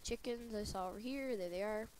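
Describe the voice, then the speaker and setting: A woman's voice: mid-range voice, fairly quick, a little mellow, slight background noise, low-quality recording. A woman with a cold giving casual gameplay commentary, talking to herself with sing-song asides. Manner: chatty self-talk with sing-song asides. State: has a cold. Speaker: let's play gamer.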